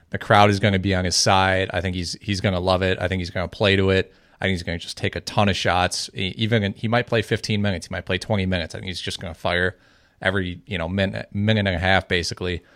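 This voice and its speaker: A man co-hosting a sports podcast, explaining his picks in a measured way. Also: low voice, a bit bright, no echo, clean studio sound. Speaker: podcast co-host. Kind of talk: casual sports podcast chat.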